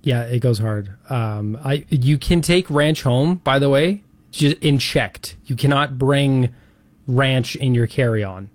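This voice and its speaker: A man co-hosting a radio show, tossing out quick joking quips in casual banter. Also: medium pitch, darkish tone, no echo. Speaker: radio co-host.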